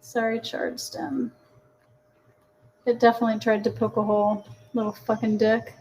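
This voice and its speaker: A woman's voice: fairly high pitch, a little hiss or hum, poor audio. A woman hosting a casual cooking livestream, chatting with herself, laughing at her mistakes and answering viewers' comments. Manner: chatty, self-mocking, reads chat aloud and answers.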